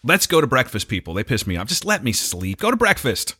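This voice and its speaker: A man's voice: lowish voice, very animated, fast, bright, forceful tone, husky. An older man co-hosting a casual chat, laid-back and joking.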